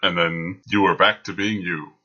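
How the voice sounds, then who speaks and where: A man's voice: low voice, steady tone, moderate pace, sharp tone, breathy edge. A man narrating as game master of a tabletop game, with dry, teasing remarks. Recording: dull lo-fi sound.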